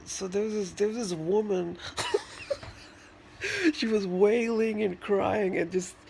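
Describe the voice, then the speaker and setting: A vlogger with a high voice, heavy vocal fry and a darkish tone recalls a personal memory in a casual vlog. His intonation stays fairly even as he speaks haltingly, circling back with many restarts and fillers, while a faint room hum sits behind him.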